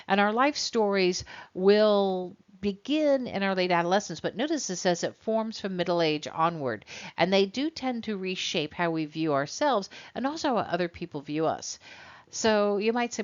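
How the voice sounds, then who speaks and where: A woman's voice: medium pitch, animated, moderate pace. A woman instructor giving a recorded college lecture in a conversational way and acting out exchanges with students. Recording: dull lo-fi recording.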